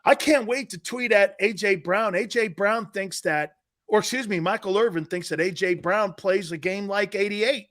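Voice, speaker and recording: A middle-aged man hosting a live sports talk show, joking loudly, reading out comments and jumping between topics. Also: sits high, moderate pace. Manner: loud, joking, jumps between topics, often raises his voice.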